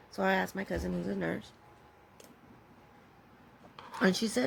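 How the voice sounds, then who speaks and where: A woman talks through a personal story in a vlog, in a candid and halting way. Her voice is full of vocal fry and sounds deeply gravelly. Faint noise sits behind her. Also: poor audio. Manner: halting and candid, with pauses and self-corrections. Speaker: vlogger sharing her own story.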